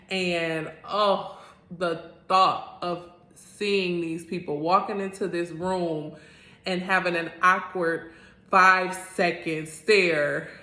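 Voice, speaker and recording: Brief: woman in her 30s, vlogger, low voice, earnest and animated storytelling in a roomy, echoey space. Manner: earnest and animated, with lots of "like" fillers. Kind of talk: candid personal storytelling. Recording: roomy echo.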